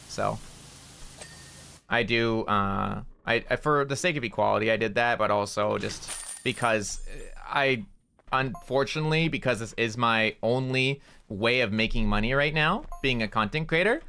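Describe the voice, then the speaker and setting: A man from Canada chatting casually while streaming a game, rambling, swearing now and then, and cooing at his cats. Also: sharp tone. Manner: coos at cats in a high voice. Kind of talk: casual gaming livestream chat.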